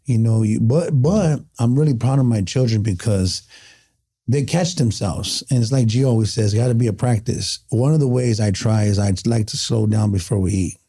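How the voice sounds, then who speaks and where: A middle-aged man is a guest on a podcast, telling reflective stories in an earnest, heartfelt, conversational way and frequently starting over mid-thought. His medium-pitched voice is dark and slightly rough, and he speaks at a moderate pace.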